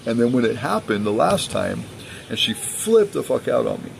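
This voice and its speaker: A man with a gravelly, fry-heavy voice at a middling pitch talks straight to camera in a personal vlog. He sounds earnest and insistent, laying out his grievances one point at a time. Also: very animated, moderate pace, a little hiss or hum, low-quality recording. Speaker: father telling his story.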